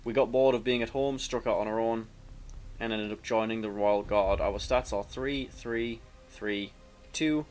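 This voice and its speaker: Low-voiced man rambling over a game. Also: fairly even intonation, unhurried, a little mellow, soft background music. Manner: rambling and self-mocking, with fillers and restarts. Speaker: let's play commentator. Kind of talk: casual gameplay commentary, reading game text aloud.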